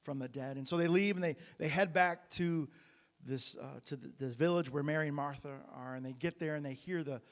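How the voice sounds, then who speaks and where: A man's voice: on the high side, brisk, long reverb tail. A man preaching a sermon as pastor, retelling a Bible story in a conversational way with frequent restarts and fillers. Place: church sanctuary.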